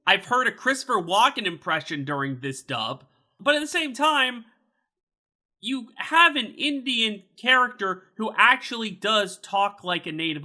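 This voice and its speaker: A man hosting a casual podcast chat, animated, incredulous and swearing freely. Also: high-pitched. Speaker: podcast host.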